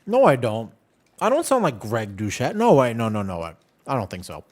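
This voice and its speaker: A man streaming a game, chatting casually with his viewers in quick, jumpy banter. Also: mid-range voice. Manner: animated, jumpy banter with chat. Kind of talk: casual chat while gaming.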